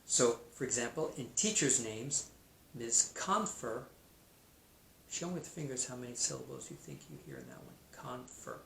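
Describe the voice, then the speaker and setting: A male teacher giving a recorded math lesson to young children, speaking slowly and sounding out names syllable by syllable. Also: medium pitch, expressive, creaky, a bit bright. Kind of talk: kindergarten math video lesson. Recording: echoey room, faint noise.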